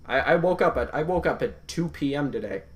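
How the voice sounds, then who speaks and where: A young man hosting a podcast, telling stories in a casual, profane and animated way that swings from mumbling to yelling. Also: on the high side, brisk. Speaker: podcast host.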